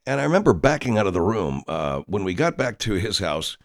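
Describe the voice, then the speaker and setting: A man hosting a comic monologue as a horror filmmaker, rambling and interrupting himself while spinning deadpan tall tales. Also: lowish voice, brisk, dry recording, studio quality. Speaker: horror filmmaker persona, show host.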